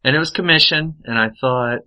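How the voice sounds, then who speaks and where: A man's voice: mid-range voice, brisk, bright, forceful tone, poor audio. A man telling rambling, profane anecdotes in casual chat, with lots of fillers and swearing. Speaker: podcast storyteller.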